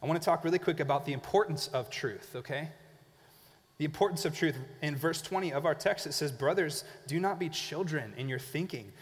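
A man preaching a sermon in a conversational, animated way, acting out the people he describes. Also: fairly high pitch, brisk, long reverb tail. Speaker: pastor. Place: church.

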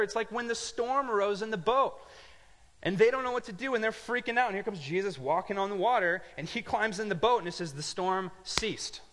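A man preaching a sermon, telling a story with lively swings from quiet asides to loud emphatic lines. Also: very high-pitched, in a large hall. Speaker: pastor.

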